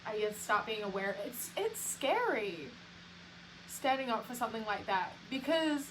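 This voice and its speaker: Animated young woman co-hosting a chat podcast. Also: fairly high pitch, noisy background. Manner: animated storytelling, quick restarts. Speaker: podcast co-host. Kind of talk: casual chat.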